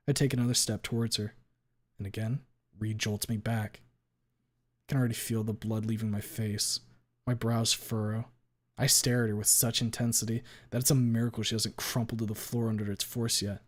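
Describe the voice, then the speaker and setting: A man reading a fan story aloud on a stream, expressive, with small stumbles. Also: on the low side, normal speed.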